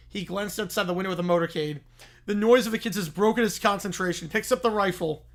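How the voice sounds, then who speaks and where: A man's voice: high-pitched, fast talker, fairly bright tone. A man hosting a live stream, rambling, laughing and interrupting himself as he improvises a story. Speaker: streamer host.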